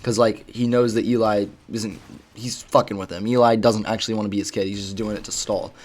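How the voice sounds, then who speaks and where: A man's voice: lowish voice, steady tone, brisk. A man casually retelling a story, rambling with lots of fillers and swearing. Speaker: vlogger.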